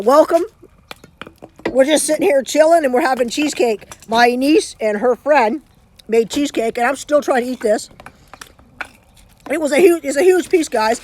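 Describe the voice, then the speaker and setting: A Canadian woman with a slightly high voice chats on a live stream, rambling loosely and often restarting her thoughts. She talks straight into her phone from home. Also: normal speed. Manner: rambling, chatty, with frequent restarts. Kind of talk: casual live-stream chat.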